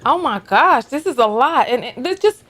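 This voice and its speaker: A woman's voice: high voice, expressive, moderate pace, fairly bright tone. A woman hosting a reaction commentary, talking in an indignant, exasperated way. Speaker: commentary host.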